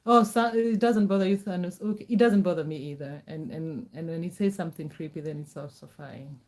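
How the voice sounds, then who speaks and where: A woman's voice: lowish voice, a little fast, darkish tone. A middle-aged woman from Kenya, chatting casually on a live stream, answering viewers' comments in a reassuring way and repeating her words.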